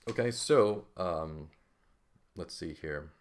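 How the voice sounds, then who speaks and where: A man's voice: low voice, lively intonation, slow pace. A man teaching a recorded language lesson, explaining step by step and often checking with "right?" and "okay?".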